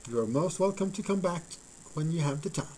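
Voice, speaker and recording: A man's voice: on the high side, animated, fairly quick, warm tone, low-quality recording. Rambling man chatting on a craft stream. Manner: rambling, filler-heavy, thinks aloud and chats to viewers. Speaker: live-streaming model maker. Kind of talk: casual live-stream chat while crafting.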